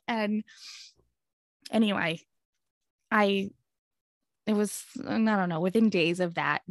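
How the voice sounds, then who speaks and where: A woman's voice: medium pitch, slow pace, pauses often, no room sound. A woman in her thirties speaks as a podcast guest, telling a personal story in a candid, earnest way. She rambles and restarts, with a natural mid-range voice. The recording is close and dry, with no room sound.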